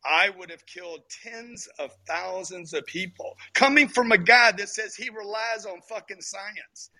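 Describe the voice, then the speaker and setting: An angry man swearing and hammering the same points in a heated live audio room argument. His voice sits high and bright, and it comes through a Bluetooth headset. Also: measured pace. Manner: angry, profane, repeats himself. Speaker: guest speaker. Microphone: phone headset over Bluetooth.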